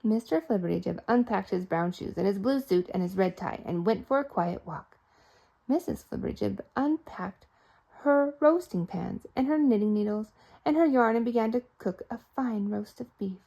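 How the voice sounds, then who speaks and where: A woman reading a children's storybook aloud, expressive and playful with sound effects. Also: medium pitch, normal speed, gravelly, highs cut off. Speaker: storybook reader.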